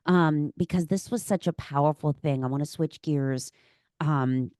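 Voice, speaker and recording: A woman with a notably low voice hosts a podcast conversation, gushing and openly emotional as she shares her own story. The sound is dry and close, with no room around it. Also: a little slow, dark tone, no echo. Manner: effusive and emotional, gushing praise. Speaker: podcast host.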